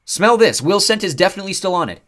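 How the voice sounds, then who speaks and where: A man's voice: high-pitched, animated, fast talker, fairly bright tone, pitched above the performer's own voice. A man voicing an exasperated, sarcastic teenage demigod boy in an audiobook.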